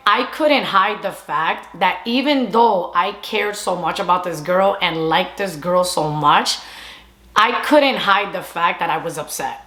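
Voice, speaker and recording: A young adult woman telling a casual storytime monologue, animated and chatty, slipping between English and Spanish. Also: mid-range voice. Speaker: storyteller vlogger. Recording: echoey room.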